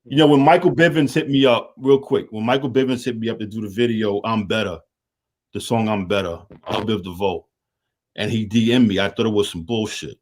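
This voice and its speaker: A man's voice: lowish voice, fairly quick. A man talking as a guest in a casual call-in chat, in a laid-back, streetwise way with many fillers. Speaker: guest, media and water business owner. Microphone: call-in line.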